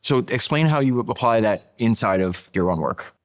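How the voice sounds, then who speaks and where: A man hosting a podcast interview, talking quickly and eagerly with many restarts. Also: medium pitch, lively intonation. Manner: fast, enthusiastic, restarts often. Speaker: podcast host. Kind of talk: conversational interview.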